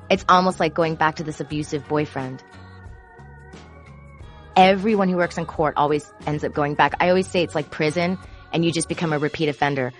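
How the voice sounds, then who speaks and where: A woman who produces court shows tells candid, confessional stories about her job and grows animated when she quotes herself. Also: on the low side. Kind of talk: personal storytelling.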